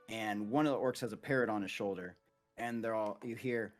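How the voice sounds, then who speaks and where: A man's voice: on the low side, normal speed, faint music behind. A man narrating a tabletop game as game master, rambling casually with lots of fillers.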